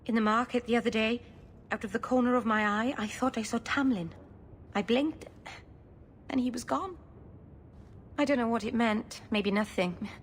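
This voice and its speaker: An actress playing a sweet, nervous young elf mage in a game, rambling earnestly and putting herself down. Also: female voice, on the high side, normal speed, pauses often, slight background noise, lightly acted. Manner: earnest, self-deprecating rambling.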